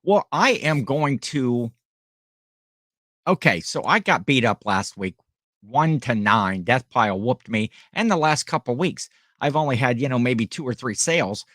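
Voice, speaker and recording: A man's voice: mid-range voice, animated, measured pace, fairly bright tone. This is a man hosting a casual livestream, with an ordinary mid-range voice. He rambles in a friendly way and answers his viewers as he goes. The sound is dry and close, with no room echo. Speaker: livestream host and online reseller.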